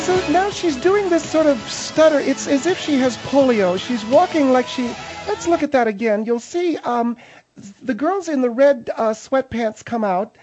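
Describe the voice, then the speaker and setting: A woman's voice: high-pitched, a little mellow, highs cut off. A woman giving a mock-serious, fussy, indignant comedic report, easily irritated.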